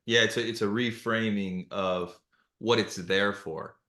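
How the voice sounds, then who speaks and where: Bright-voiced man answering reflectively. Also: on the low side, fairly even intonation, a little slow, reverberant. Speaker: guest, retired athlete. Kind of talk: live interview answers.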